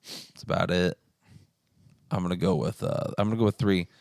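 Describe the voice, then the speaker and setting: A man co-hosting a podcast in casual chat, rambling and self-deprecating, his voice going hoarse. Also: deep voice, steady tone, normal speed, a little mellow, no echo, studio quality. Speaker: podcast co-host. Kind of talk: casual chat, rating movies.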